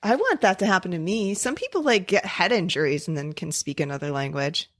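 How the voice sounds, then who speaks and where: A woman's voice: on the low side, expressive, fairly quick, no echo, clean studio sound. A young adult woman co-hosting a podcast in casual chat, reading out listener stories with rambling, swearing asides. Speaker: podcast co-host.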